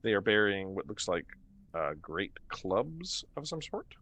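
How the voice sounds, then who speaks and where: A man narrating as game master of a tabletop game, slow and hesitant with many fillers. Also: on the low side, big pitch swings, bright, forceful tone.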